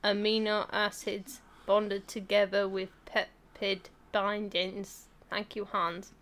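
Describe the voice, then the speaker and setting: A woman's voice: mid-range voice, flat delivery, slow, fairly bright tone. A woman in a casual chat at home with her husband, teasing and contradicting him in a dry way. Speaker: host's wife.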